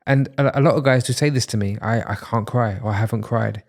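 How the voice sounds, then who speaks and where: A man's voice: medium pitch, fast talker, creaky. A man from London, a masculinity coach talking as a podcast guest in an earnest, reassuring, reflective way. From London, England. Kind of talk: casual podcast conversation.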